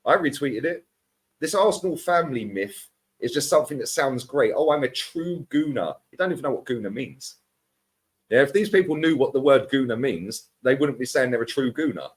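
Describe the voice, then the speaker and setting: A man's voice: medium pitch, brisk. Brief: man, fan pundit, fired-up rant, mid voice. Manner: animated, mocks other fans in put-on voices.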